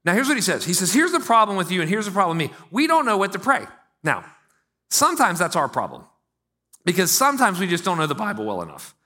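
A male pastor in middle age delivers a sermon like a conversation. His tone is bright and a bit high for a man. He swings from hushed asides to louder, animated stretches. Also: fast.

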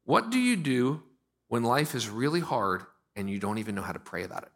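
A middle-aged male pastor preaching a sermon in a conversational way, with strong swings between loud and quiet. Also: medium pitch, very animated, a little fast.

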